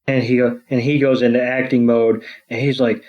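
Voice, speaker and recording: A man's voice: medium pitch, level tone, moderate pace, a little mellow, lo-fi sound. A man co-hosting a podcast, recapping an episode in a loose, rambling way full of ums and restarts. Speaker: podcast co-host.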